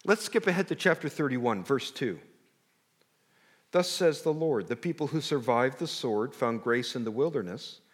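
Animated male preacher in a reverberant hall. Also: mid-range voice, normal speed, husky. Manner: animated, conversational, self-interrupting, drops to near whisper. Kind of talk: sermon. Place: church sanctuary.

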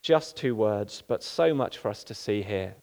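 A man's voice: lowish voice, lively intonation, a little slow, vocal fry, a little mellow. Earnest preacher man. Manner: earnest, with rhetorical questions. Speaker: pastor. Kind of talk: sermon.

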